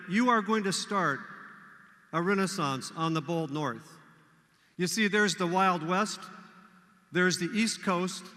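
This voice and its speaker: Emcee: bright, high-voiced older man, pep-rally energy, echoey hall. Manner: energetic, leads call-and-response cheers. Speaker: event emcee. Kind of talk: rallying a volunteer crowd. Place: large hall with a crowd.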